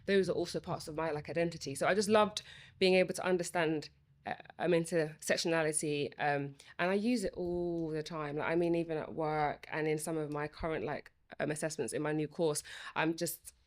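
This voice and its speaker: A woman's voice: low-pitched, steady tone, fairly quick. A woman who stammers, speaking passionately on a podcast, with frequent restarts and filler sounds as she thinks aloud. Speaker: former student working in Parliament. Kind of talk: conversational podcast chat.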